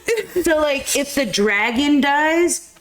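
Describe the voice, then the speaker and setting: A woman co-hosting a live movie talk stream. Her voice sits a little high and her pace is slow and drawn out. She talks in loose slang and laughs often. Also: expressive, a crowd in the background. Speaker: podcast co-host. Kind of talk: casual chat about movies.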